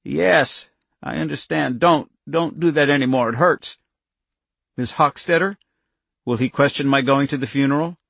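A man voicing an older male government chief who answers in a flat, obedient way and turns whiny under pressure. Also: mid-range voice, brisk, no room sound, close to an everyday voice. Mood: whining.

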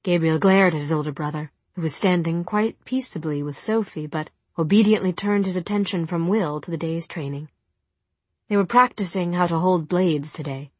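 A woman narrating a novel as an audiobook, with a steady, expressive reading. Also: fairly low pitch, no echo.

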